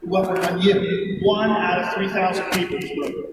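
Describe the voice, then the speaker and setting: A man doing a profane, loud stand-up routine on a big indoor arena stage, often shouting his punchlines into a handheld mic. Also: high-pitched, little pitch movement, moderate pace, over loud music. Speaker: stand-up comedian. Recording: echoey arena from far off with loud crowd. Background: big crowd laughing.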